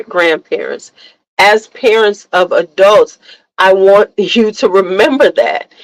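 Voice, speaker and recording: A woman's voice: a little high, no echo, poor audio. A middle-aged woman hosting a casual motivational talk, speaking emphatically and candidly, repeating her points for stress. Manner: candid storytelling. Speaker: host.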